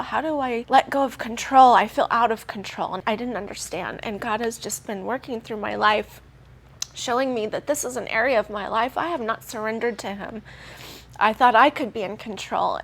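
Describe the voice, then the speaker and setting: Earnest woman in her forties, bright voice. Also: on the high side. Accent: Southern American. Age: 40s. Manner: earnest and emotional, candid storytelling. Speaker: gym client giving a testimonial. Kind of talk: testimonial interview.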